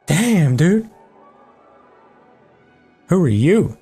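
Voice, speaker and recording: A young man hosting a casual let's-play, talking in a brash, profane, excitable way. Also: a little high, extremely slow, husky, faint music behind. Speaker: gaming channel host.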